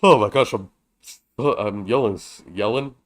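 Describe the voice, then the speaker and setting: A man's voice: lowish voice, a little slow. A young man streaming a game, chatting casually, drowsy and yawning between comments.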